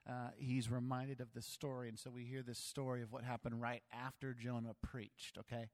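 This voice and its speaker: A man preaching a sermon as pastor, animated, acting out voices and joking about himself. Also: medium pitch, normal speed. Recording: long hall reverb.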